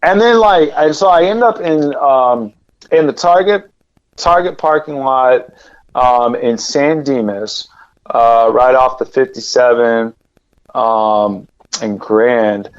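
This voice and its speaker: A man telling a personal story as a podcast guest, rambling and animated, with lots of fillers and repeated words. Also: medium pitch, slow pace, clean tone, muffled recording. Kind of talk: casual storytelling.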